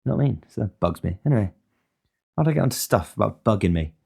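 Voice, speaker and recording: A man's voice: on the low side, expressive, racing, vocal fry, a little mellow, slightly rough. A man talking alone in a casual monologue as a podcast host, rambling and frank and swearing often.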